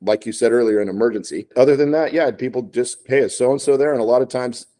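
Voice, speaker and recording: Mellow-voiced man telling bar stories. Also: mid-range voice, quick pace. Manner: animated storyteller acting out phone calls. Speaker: podcast co-host, bartender. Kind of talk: casual storytelling chat.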